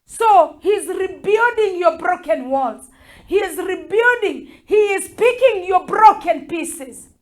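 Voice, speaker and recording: Fervent high-voiced woman bishop preaching. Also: lively intonation, slow. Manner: fervent, repetitive exhortation. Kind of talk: prayer sermon.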